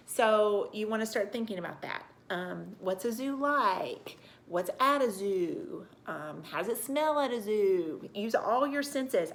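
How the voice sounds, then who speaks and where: A middle-aged woman teaching an online reading lesson to young children, sounding out letters slowly and breaking into high excited bursts. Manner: slow, exaggerated sounding out of letters and words.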